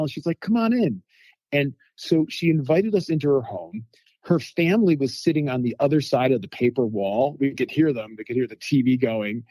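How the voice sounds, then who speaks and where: A man telling lively food anecdotes as a guest in a casual interview, acting out quotes from people he met. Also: mid-range voice, no room sound. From United States. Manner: animated anecdotes with quoted voices.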